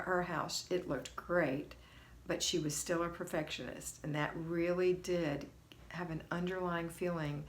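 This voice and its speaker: A middle-aged woman hosting a homemaking livestream, greeting viewers by name and coaching in a chatty, folksy, encouraging way. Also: deep voice. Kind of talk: casual live coaching talk.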